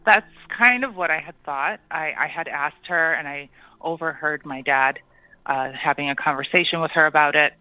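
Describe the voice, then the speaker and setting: A caller on a call-in radio show recounts a spooky personal story, hesitant and full of pauses and ums. The voice sits at a middling pitch and sounds dry and muffled, as if heard down a dull phone line. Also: no echo.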